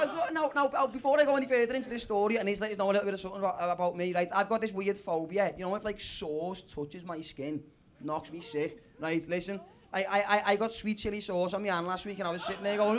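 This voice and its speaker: A man's voice: sits high, steady tone, quick pace, fairly bright tone. A young man doing a crude, rambling stand-up story on a comedy club stage. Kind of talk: stand-up set. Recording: live club crowd laughter. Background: audience laughing.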